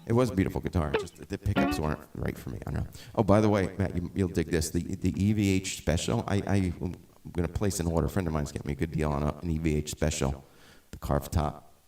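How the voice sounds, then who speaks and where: A middle-aged man with a very low voice talks casually between songs on a live stream. He rambles, restarts his sentences and drifts off on tangents. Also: quick pace, a little mellow, faint music behind. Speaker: musician and live-stream host.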